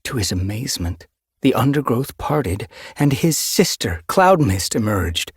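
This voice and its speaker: A man narrating an audiobook with steady, measured storytelling. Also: medium pitch, slightly rough, no room sound, clean studio sound. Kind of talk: scripted narration.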